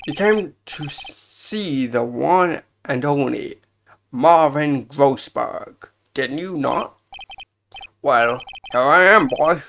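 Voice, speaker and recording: A woman's voice: low-pitched, lively intonation, extremely slow, vocal fry, fairly bright tone, slight background noise, full character voice. A woman voicing a pompous, blustery older male lawyer who talks haughtily and stumbles when caught out. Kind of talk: voicing game dialogue. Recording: game music behind the voice.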